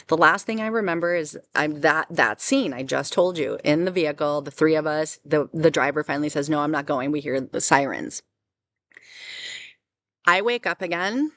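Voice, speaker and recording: A woman recounting a personal experience as an unscripted testimony, halting and full of restarts. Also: low-pitched, fairly bright tone. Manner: halting, with many restarts and fillers. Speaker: survivor telling her story. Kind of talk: personal testimony, casual storytelling.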